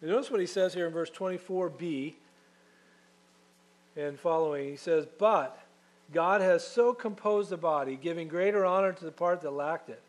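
Earnest preaching man, slightly high voice. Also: moderate pace. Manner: earnest preaching, reads scripture aloud, swells for emphasis. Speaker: pastor. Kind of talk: sermon.

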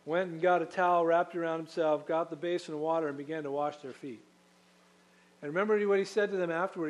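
Pastor, male, slightly higher voice, earnest sermon delivery with emphatic peaks. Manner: earnest preaching, reads scripture aloud, swells for emphasis.

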